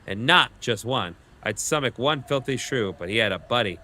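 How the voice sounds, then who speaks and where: A man reading aloud as a scheming male inventor who writes a grandiose, gruff journal. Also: mid-range voice, animated, normal speed, bright, forceful tone, voice pushed up. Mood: disgusted.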